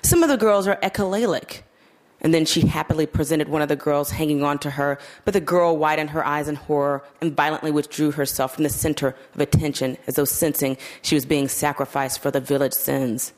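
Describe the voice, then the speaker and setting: A woman narrating a literary short story in a measured, steady audiobook reading. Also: low-pitched.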